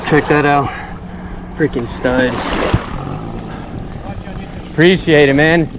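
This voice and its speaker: A man's voice: a little high, fairly even intonation, takes it slowly. A man talking straight to his viewers in a casual fishing vlog while out on a boat on a lake. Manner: chatty, talks straight to viewers, says y'all often. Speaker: fishing vlogger. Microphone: action camera on the boat. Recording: outdoor boat noise. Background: boat and water ambience.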